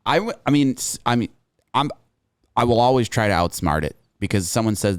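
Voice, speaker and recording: Low-voiced man in relaxed podcast chat. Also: fast talker, clean tone, dry recording. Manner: relaxed, chatty, laughs easily. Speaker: podcast co-host. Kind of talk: casual chat.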